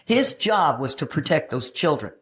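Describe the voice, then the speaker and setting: A woman in her sixties from Texas, telling her own recovery story at a meeting in a frank, animated storytelling way with touches of humor. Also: deep voice, normal speed. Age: 60s. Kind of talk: personal testimony at a recovery meeting. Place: meeting room.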